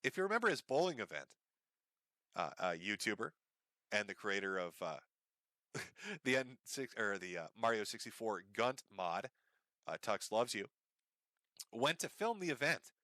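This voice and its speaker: A man narrating a sarcastic commentary, his voice bright and swinging up and down as he mocks what he has just played. He laughs often and swears freely. The sound is close and dry. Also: lowish voice, sing-song, normal speed, long pauses, dry recording. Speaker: commentary host. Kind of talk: mocking commentary over clips.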